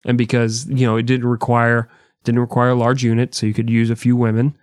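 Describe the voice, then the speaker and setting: A man's voice: mid-range voice, monotone, a little fast, a little mellow, smooth, no echo, studio quality. A man co-hosting a history podcast, retelling events in a casual, profane, joking way. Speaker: podcast co-host.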